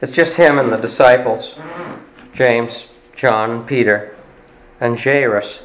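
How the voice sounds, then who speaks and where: A man's voice: medium pitch, fairly even intonation. Man preaching in an echoey room. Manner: conversational storytelling, pausing with fillers. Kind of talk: sermon. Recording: roomy echo.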